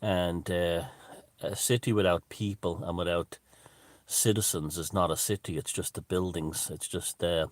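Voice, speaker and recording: A man hosting a casual livestream, chatting loosely and digressively while answering viewer comments, with frequent pauses and fillers. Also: deep voice, steady tone. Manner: rambling and digressive, many fillers. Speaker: livestream host.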